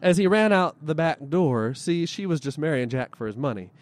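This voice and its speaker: A male storyteller telling a folk tale live at a festival, lively and expressive, with dramatic pauses. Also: fairly high pitch.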